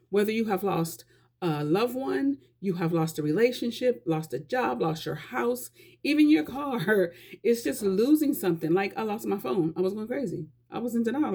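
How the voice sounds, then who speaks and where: A woman speaks straight to her viewers in a casual vlog. Her talk is earnest and conversational, and she gives life advice. Her voice has a gravelly edge of vocal fry. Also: mid-range voice, darkish tone. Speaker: vlogger giving life advice.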